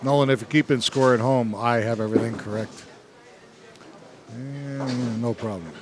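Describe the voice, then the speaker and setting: A man's voice: medium pitch, moderate pace. Male bowling commentator, chatty and jokey, noisy alley broadcast. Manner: chatty, jokey, laughs often. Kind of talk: casual play-by-play commentary. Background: bowling alley noise.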